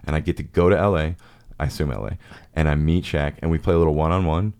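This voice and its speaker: A young man with a very deep, low voice chats loosely on a podcast. He rambles through silly stories and slips into quick acted voices for the people in them. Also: fairly even intonation, darkish tone, smooth. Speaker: podcast host. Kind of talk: casual chat.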